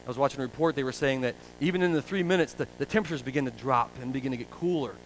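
A male pastor preaching a conversational sermon, dropping to a hush and rising to loud emphasis. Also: mid-range voice, racing, a little hiss or hum, low-quality recording.

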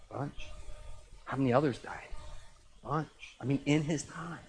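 A man's voice: mid-range voice, gravelly. A middle-aged pastor preaching a sermon in a casual, emphatic way, often repeating his key phrases.

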